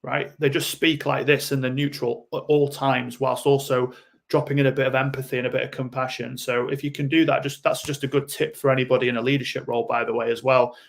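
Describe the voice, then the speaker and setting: A man's voice: medium pitch, level tone, quick pace, creaky. A man speaking as a guest in a podcast interview, explaining ideas bluntly and acting out short quoted lines. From United Kingdom. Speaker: guest coach.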